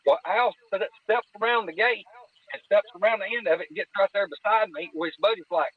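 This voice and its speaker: A man's voice: high voice, brisk, no room sound. A man, telling a hunting-ground story in a casual way, with lots of quoted back-and-forth. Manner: vivid retelling with quoted dialogue. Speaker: guest storyteller. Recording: tinny phone-line audio.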